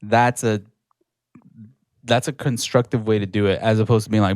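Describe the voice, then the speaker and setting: A man's voice: fairly low pitch, level tone, moderate pace, darkish tone, smooth, no room sound, studio quality. A young man co-hosting a casual podcast chat. He swears freely and acts out the things people say. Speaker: podcast co-host.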